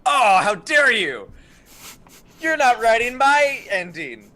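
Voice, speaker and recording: A man voicing a young mouse of the guard in a squeaky, indignant voice. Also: big pitch swings, slow pace, sharp tone, full character voice. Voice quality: high squeak.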